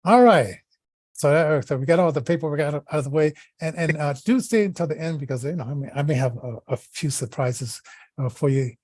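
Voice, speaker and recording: A male co-host talks casually and warmly to his audience, often stumbling and restarting mid-sentence. His voice sits a little high, and the sound is dry and close. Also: fairly quick, no room sound. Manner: stammering, restarting, chatty. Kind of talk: casual talk show hosting.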